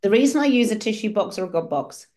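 A woman's voice: mid-range voice, expressive, fast, dark tone. A woman leading an online prayer session on a video call, speaking in an encouraging, storytelling way. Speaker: prayer group leader.

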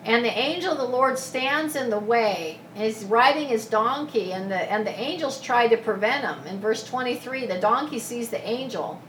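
A woman preaching a sermon, retelling a scripture story in a lively, casual way with asides. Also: fairly high pitch, moderate pace, hardly any pauses, slight background noise. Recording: echoey room from a distance.

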